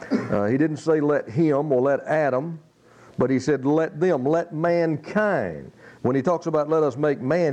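A man preaching a sermon, reading scripture slowly and then explaining it in plain, emphatic spoken style. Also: on the high side, warm tone.

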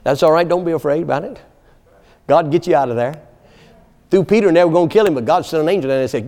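In a long, reverberant hall, a man with a fairly high voice preaches at a quick pace. He narrates his sermon in a folksy way, animated and laughing, with frequent calls of "amen."

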